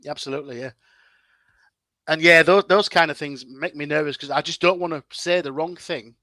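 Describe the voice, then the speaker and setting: Bright-voiced chatty man. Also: fairly high pitch, moderate pace, no echo. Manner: chatty, lots of fillers and restarts. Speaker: guest content creator. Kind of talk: casual interview chat.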